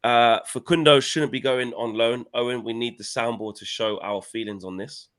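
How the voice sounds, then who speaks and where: A man's voice: mid-range voice, fairly even intonation, moderate pace, a bit bright. A young man, co-hosting a fan livestream, reading out live comments and joking with playful slang. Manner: banterous, playful, uses slang like "my son" and "innit". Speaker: co-host of fan channel livestream.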